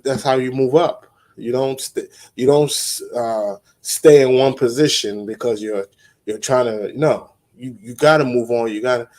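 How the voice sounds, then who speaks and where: A man's voice: mid-range voice, a little mellow. A man hosting a sports talk show, giving blunt opinions in a casual monologue, restarting phrases often and chuckling. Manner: blunt, repetitive, chuckling, frequent restarts and fillers.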